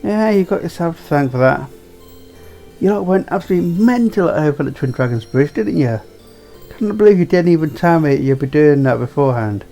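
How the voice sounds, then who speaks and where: A brash, excitable young woman bursts with energy, as a man puts her on. Her voice rides a little high over faint background music. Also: brisk, creaky. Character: brash, spirited young woman, a trader's daughter.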